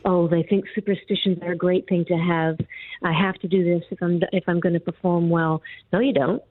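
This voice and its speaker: A woman speaks on a radio show over a thin, phone-quality line, her voice slightly low and dry. She explains things in a calm, measured way. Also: no room sound. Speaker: guest author. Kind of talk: radio interview.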